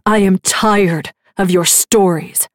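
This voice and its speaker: A man's voice: sits high, fairly even intonation, slow, fairly bright tone, no room sound, studio quality. A woman reading the part of a brooding young male fae prince, cold, haughty and clipped. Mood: snarling.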